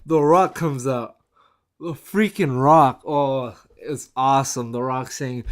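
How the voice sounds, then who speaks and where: Excitable, chatty man giving a review. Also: medium pitch, slow. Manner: excitable and chatty, often laughing. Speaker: show reviewer. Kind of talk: casual spoken review.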